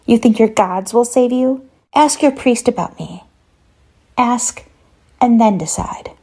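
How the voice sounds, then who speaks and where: A woman's voice: a little high, unhurried, darkish tone, pitched above the performer's own voice. A woman voicing an eerie grinning female stalker who taunts in a childish, singsong, mocking way.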